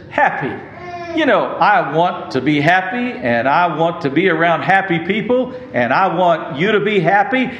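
A man preaching a sermon, reading verses slowly and with emphasis. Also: high-pitched, a bit bright, reverberant, slight background noise, rough recording. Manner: slow, emphatic preaching with drawn-out quoted verses.

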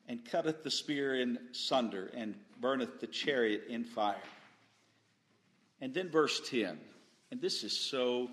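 Slow, emphatic preacher man in echoey room. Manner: swings from loud emphatic peaks to quiet, low asides, with repeated stammered restarts. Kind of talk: sermon.

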